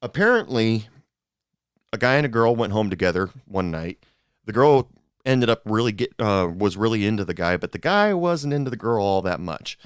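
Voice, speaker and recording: Low, smooth-voiced man telling bar stories. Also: sing-song, no room sound, studio quality. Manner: rambling, halting, many fillers and restarts. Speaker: podcast host, former bartender. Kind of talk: casual storytelling monologue.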